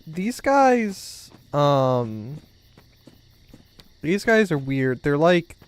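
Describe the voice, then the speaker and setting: A man's voice: on the high side, sing-song, drawn-out words, clean tone, no echo. A man streaming a game, chatting casually with his viewers in a joking, rambling, teasing way. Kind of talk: casual gameplay commentary.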